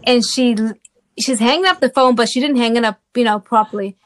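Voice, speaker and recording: A woman from South Africa, an interview guest telling her personal testimony in an animated way and often checking in with the listener. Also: a little high, fairly quick.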